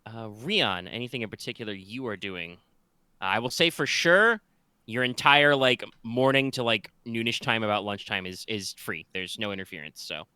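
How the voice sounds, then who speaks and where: A man's voice: on the low side, moderate pace, pushed and bright, clear, resonant tone, no room sound. A man running a tabletop game as game master, rambling a little with fillers and restarts as he describes the scene.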